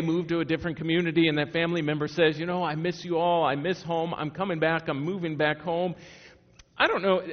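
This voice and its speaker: Man preaching a conversational sermon in a reverberant hall. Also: fairly high pitch. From Northwest Indiana. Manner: conversational, restarts and rhetorical questions. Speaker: pastor. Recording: dull sound, long hall reverb.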